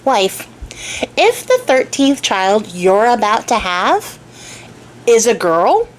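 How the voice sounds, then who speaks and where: A woman's voice: fairly high pitch, very animated, slow, a little hiss or hum, low-quality recording. A woman voicing a scheming king who speaks in a matter-of-fact, offhand way. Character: cold, scheming adult male king.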